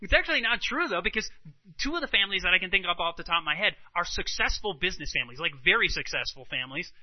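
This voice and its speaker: A high-pitched man tells animated stories as a Christian health speaker, often checking in with a rhetorical "right?". The sound is dry, with little room echo. It is also somewhat dull and lo-fi. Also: very fast. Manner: animated, anecdotal, frequent rhetorical "right?" asides. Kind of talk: storytelling talk to a live audience.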